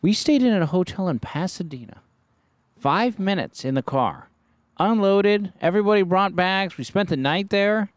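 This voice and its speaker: Male podcast host, comedic chat, upbeat storytelling, slightly high voice, dry close mic. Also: expressive, normal speed, no room sound.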